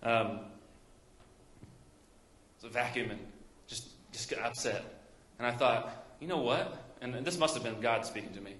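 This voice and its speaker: A man's voice: medium pitch, unhurried, pauses often, a bit bright. A young man with a Midwestern American accent preaching a sermon, telling a story with many fillers and restarts. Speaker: pastor. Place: church sanctuary. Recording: echoey church room.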